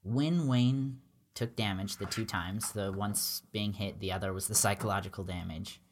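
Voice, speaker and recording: A woman narrating as game master of a tabletop game, a relaxed, laughing storyteller. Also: very deep voice, normal speed, slight background noise.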